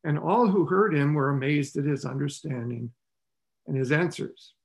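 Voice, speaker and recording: A man's voice: animated, normal speed, creaky. A man preaching a sermon in a conversational way, asking the listeners rhetorical questions. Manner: voices the characters' lines with rising pitch.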